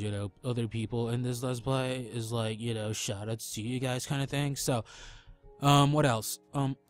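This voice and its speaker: Young guy goofing around on a let's play, rambly and silly, faint music behind. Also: medium pitch. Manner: rambling, goofy, makes silly animal noises. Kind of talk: casual gameplay commentary.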